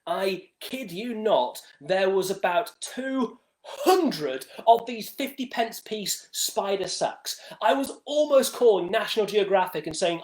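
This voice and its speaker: A man's voice: sits high, lively intonation, slow pace, darkish tone, roomy sound. A man hosting a live stream, telling a story in a dramatic, exaggerated way. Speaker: livestream host. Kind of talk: casual storytelling monologue.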